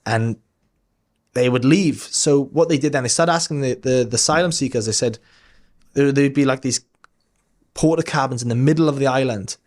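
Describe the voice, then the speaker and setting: Appearing on a podcast, a man from Wales in his thirties shares a story openly and casually, rambling with many fillers and casual swearing. His middle-pitched voice is a little mellow, moving at normal speed with frequent pauses.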